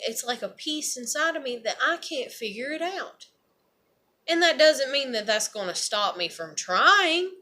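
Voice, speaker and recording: Bright-voiced rambling woman vlogger. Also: high-pitched. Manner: rambling, heavy with fillers and profanity; earnest, self-reflective. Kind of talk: casual personal monologue.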